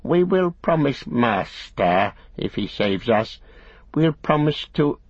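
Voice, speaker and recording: A man's voice: medium pitch, very animated, slow pace, husky, no echo, voice pushed up, heavily acted. A man voicing a wretched, cringing male creature in an audiobook, whimpering and fawning with self-pity. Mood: whining. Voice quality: whimpering, hissing, self-pitying. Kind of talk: audiobook character voice. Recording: dull, dry studio recording.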